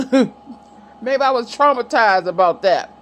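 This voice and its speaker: A woman's voice: on the high side, animated, takes it slowly, dull audio. A middle-aged woman vlogging in a casual, chatty way, telling stories, laughing often and talking to her viewers and a child. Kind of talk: casual chat, reminiscing.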